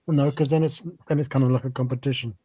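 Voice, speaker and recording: A man chatting on a live stream, hesitant and soft-spoken, with many ums. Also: medium pitch, fairly even intonation, fast talker, breathy edge, dry recording. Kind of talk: casual chat on a live stream.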